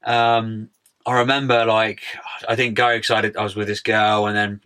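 A man's voice: on the low side, level tone, moderate pace, sharp tone, smooth. A young man chatting casually as a podcast guest, laid-back, full of slang and "mate". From United Kingdom. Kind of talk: casual interview chat.

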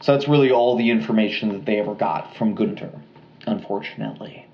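A man co-hosting a podcast, telling a true crime story in a relaxed, rambling way with lots of fillers and restarts. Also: lowish voice, brisk, reverberant, highs cut off, a little hiss or hum. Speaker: podcast co-host.

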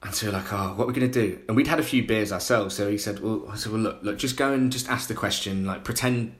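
A man, a podcast guest telling a story in a lively way and acting out other people's voices. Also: fairly low pitch, quick pace, a little hiss or hum. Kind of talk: casual anecdote telling.

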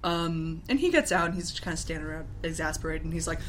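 A woman's voice: fairly low pitch, expressive, fast talker, fairly bright tone, a little hiss or hum. A young woman co-hosting a podcast, recapping a TV episode in a rambling, laughing way full of fillers. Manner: rambling, lots of fillers and laughs, acts out characters. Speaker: podcast co-host. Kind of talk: casual chat recapping a TV episode.

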